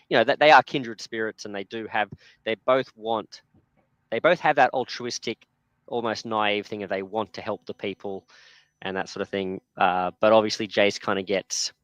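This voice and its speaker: A man's voice: lowish voice, fairly bright tone, dry recording. A man hosting a casual chat, rambling with many fillers and restarts. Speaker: podcast host.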